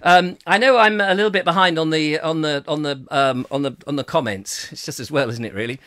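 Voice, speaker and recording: A man's voice: on the high side, fairly quick, fairly bright tone. A middle-aged man hosting a comic live chat show, rambling and joking as he reads out viewer comments and laughs often. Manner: jokey, rambling, laughing a lot.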